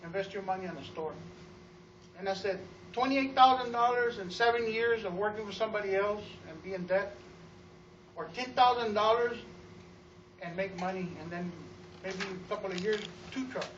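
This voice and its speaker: A man giving an energetic testimonial to a live audience about running his store, telling stories with acted-out quotes and often repeating words. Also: high-pitched, normal speed, a little hiss or hum. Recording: roomy, distant, dull sound.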